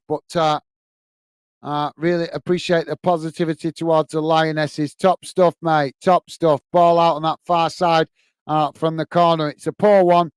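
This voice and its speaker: A man from England hosting a fan watch-along, giving excited live match commentary and reading out chat comments. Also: fairly high pitch, smooth, no echo.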